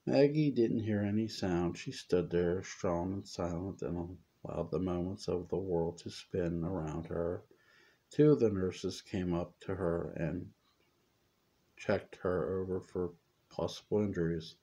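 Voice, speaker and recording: A man reading a serialized story aloud as narrator, unhurried, with occasional stumbles over words. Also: deep voice, warm tone. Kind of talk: reading fan fiction aloud.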